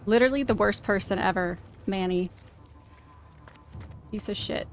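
A woman streaming a video game live, cursing at her companions and laughing, sometimes shouting in panic. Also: mid-range voice, measured pace, long pauses, soft background music. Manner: swearing, exasperated, laughing; shouts in panic at tense moments. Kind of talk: live gameplay commentary.

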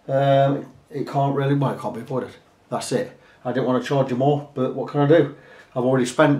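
A man's voice: medium pitch, darkish tone. Chatty man in an echoey workshop. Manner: chatty, plain-spoken, rambling with fillers. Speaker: luthier and guitar repairer. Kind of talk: casual workshop video talk. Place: guitar workshop indoors.

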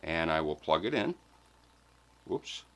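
Casting: male vlog host, playful and jokey, bright forceful voice, lively swinging pitch. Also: slow. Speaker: host of a fishing channel giveaway. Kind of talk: upbeat casual vlog address to viewers.

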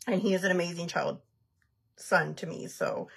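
A woman's voice: on the low side, normal speed, vocal fry, husky. A woman in her thirties chatting casually on a livestream as she does her makeup, answering viewer comments in a blunt, chatty way and laughing often. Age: 30s. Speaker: makeup artist livestreaming a tutorial. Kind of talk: casual livestream chat while doing makeup.

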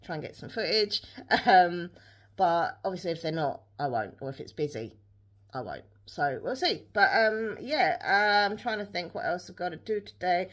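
Vlogger: young woman, slightly low voice, rambling casual chat to camera. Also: lively intonation, normal speed, fairly bright tone. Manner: chatty, rambling, with many fillers and restarts. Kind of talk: casual day-in-the-life vlog chat.

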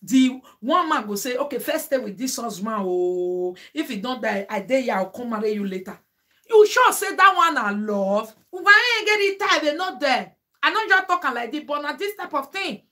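Nigerian Pidgin-speaking woman, bright, forceful tone, emphatic preachy vlogger. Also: sits high, expressive, moderate pace. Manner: preachy, sermonizing asides; emphatic, exclaiming. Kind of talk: casual monologue to viewers.

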